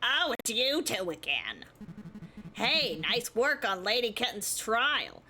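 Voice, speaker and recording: A blunt prison guard, voiced by a woman who talks casually and mocks everyone. The tone is bright and forceful, and the pitch is lively. There is faint music behind him. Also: slow pace, exaggerated voice. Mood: mocking. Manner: casual and mocking. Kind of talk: reading a visual novel aloud.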